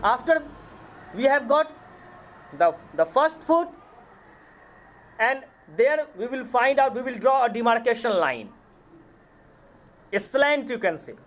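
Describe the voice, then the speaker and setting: A man with an Indian accent, a college English lecturer giving a lecture, speaking deliberately, repeating terms and spelling words out letter by letter. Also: very high-pitched, sing-song, fairly bright tone. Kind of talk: classroom lecture on poetic meter.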